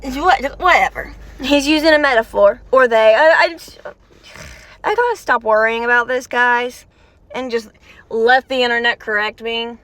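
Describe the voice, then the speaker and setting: A woman talking excitedly to her viewers in rambling reaction commentary, recorded inside a car. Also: a little high, normal speed. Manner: excitable, chatty, talks straight to viewers with frequent restarts. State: tired and warm. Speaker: video creator reacting to a game story.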